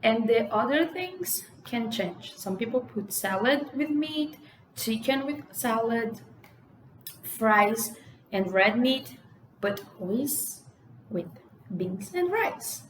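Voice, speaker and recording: A young woman with a Brazilian Portuguese accent talks casually to camera, taking her time and leaning on "like" and "you know". Her voice sits fairly high. The room around her is echoey, with a faint hum underneath. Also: expressive, slow. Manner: chatty, many fillers like "like" and "you know". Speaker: vlogger.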